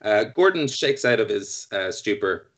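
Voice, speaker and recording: A man's voice: lowish voice, lively intonation, a little slow, a bit bright, a little hiss or hum. A man narrating as game master of a tabletop game, rambling and self-deprecating, with lots of fillers.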